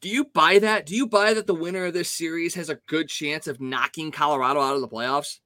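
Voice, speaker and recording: A man breaks down hockey games on a casual podcast, talking with animated conviction. His voice sits a bit high and sounds bright. The recording is dry and close. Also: fairly quick, no room sound. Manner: animated, opinionated hockey analysis. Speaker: podcast co-host. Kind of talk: casual sports talk.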